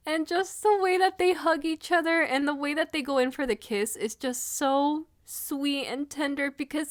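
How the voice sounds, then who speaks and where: Emotional fangirl woman rambling a review, kinda high pitched, super dry mic. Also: dry recording. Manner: gushing, emotional, chatty with fillers. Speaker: anime reviewer. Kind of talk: casual video review.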